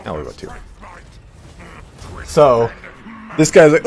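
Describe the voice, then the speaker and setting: A man's voice: fairly high pitch, sing-song, slow, vocal fry, pauses often, a little mellow, faint music behind. A man streaming a game, telling a story in a chatty, rambling way, swearing freely. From United States. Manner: chatty, swears freely, slips into mock voices.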